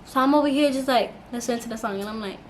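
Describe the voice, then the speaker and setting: Young woman doing a storytime vlog, kinda high voice, lots of slang and cussing, super animated. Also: rapid-fire, a little hiss or hum. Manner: animated, laughing, slangy with frequent swearing. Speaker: YouTuber. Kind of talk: casual storytime.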